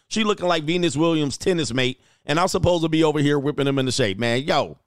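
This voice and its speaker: A man's voice: a little high, fast talker, clear, resonant tone, dry recording, studio quality. A man hosting a casual livestream, reading out chat comments and joking in a loose, slangy way. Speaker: dating coach and channel host.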